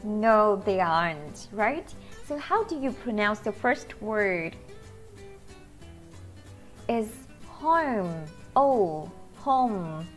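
A woman with a Vietnamese accent teaching English pronunciation to children, slowly drawing out each vowel sound. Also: medium pitch, very animated, fairly bright tone, faint music behind. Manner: slow, sing-song teacher talk, drawing out vowel sounds.

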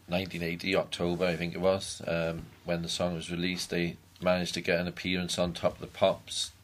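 Low, flat-voiced Welsh band member. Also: male voice. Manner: matter-of-fact, informative. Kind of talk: casual radio interview chat. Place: radio studio.

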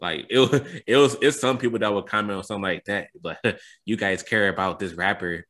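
Bright-voiced laughing podcast man. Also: lowish voice, a little fast. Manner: bursts into laughter, rants with friends. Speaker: podcast co-host. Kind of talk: casual chat.

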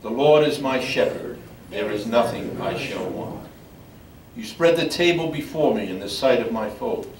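An older man, a priest, reading scripture in a measured, solemn way at a memorial service. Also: mid-range voice, expressive. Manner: measured solemn reading, halting when speaking freely. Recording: echoey room from far off, faint background noise.

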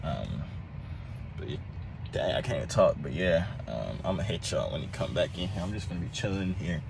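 A young man, chatting casually and rambling on a video blog, and coaxing his cat in high tones. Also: lively intonation, brisk, creaky, background noise. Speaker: vlogger. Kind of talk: casual vlog chat. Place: at home, then in a car.

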